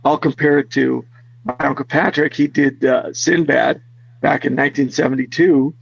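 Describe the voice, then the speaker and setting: A man's voice: mid-range voice, fairly even intonation, normal speed, creaky, slightly rough. A man being interviewed as a guest, telling restless, rambling stories in casual chat with lots of fillers. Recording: dull, lo-fi, dry sound.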